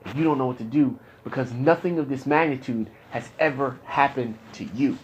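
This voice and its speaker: A man's voice: medium pitch, a little fast, highs cut off, a little hiss or hum. A young man talking candidly with his therapist, frustrated and profane, his voice climbing into anger as he vents. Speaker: patient in therapy.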